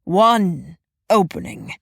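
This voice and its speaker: A woman narrator voicing a gruff, aging male supervisor who growls and mutters slowly in a lowered voice. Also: animated, no echo, clean studio sound, natural voice. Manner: growling, muttering, slow and gravelly.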